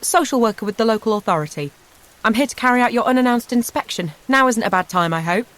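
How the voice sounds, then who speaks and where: A woman voicing a brisk, businesslike adult woman social worker. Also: a little high, animated, a bit bright, pitched above the performer's own voice.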